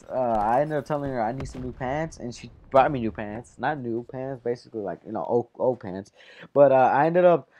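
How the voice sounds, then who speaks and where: A man's voice: mid-range voice, darkish tone, slight background noise. Rambling fourteen-year-old boy vlogger. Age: teenager, fourteen. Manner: rambling, swearing, often addressing viewers as "guys". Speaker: vlogger telling a story. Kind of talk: casual storytelling to camera.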